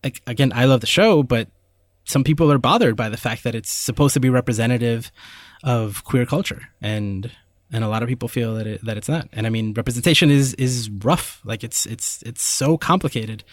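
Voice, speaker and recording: A man co-hosting a podcast, thinking out loud in casual talk, with many "like" fillers. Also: medium pitch, brisk, no room sound. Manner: thoughtful, full of "like" fillers. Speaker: podcast co-host. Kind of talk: casual chat.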